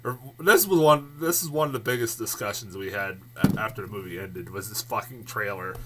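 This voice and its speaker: A man giving a casual, rambling movie review vlog, swearing freely, laughing often and getting loud and worked up. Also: on the low side, a little fast, heavy background noise.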